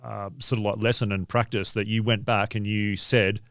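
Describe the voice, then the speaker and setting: A man's voice: on the low side, flat delivery, moderate pace, fairly bright tone, no echo. A man, a podcast co-host, responding to a friend in an encouraging, affirming way. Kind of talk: casual chat.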